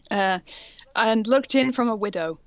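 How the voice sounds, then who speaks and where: A woman's voice: fairly high pitch, dry recording, lo-fi sound. A woman co-hosting a podcast, reading fan fiction aloud with mocking, laughing asides. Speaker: podcast co-host.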